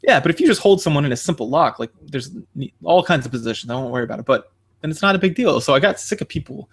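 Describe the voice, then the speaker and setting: A man co-hosting a podcast in casual chat, rambling with many fillers and animated quoting. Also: fairly high pitch, racing, husky. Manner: animated, jumps into quoting others. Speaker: podcast co-host.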